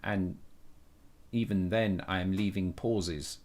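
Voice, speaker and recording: Low, steady, and somewhat dark in tone, this man's voice moves at a slow pace. He chats casually on a live stream, thinking out loud with frequent restarts and self-corrections and giving blunt opinions.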